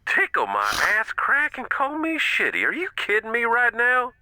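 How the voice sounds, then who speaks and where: A brash, foul-mouthed man blusters and threatens. His pitch swings wildly and the tone is very bright and sharp, in a dry, close recording. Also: wildly swooping pitch, normal speed, no echo, full character voice. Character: loud, crude, boastful man caller.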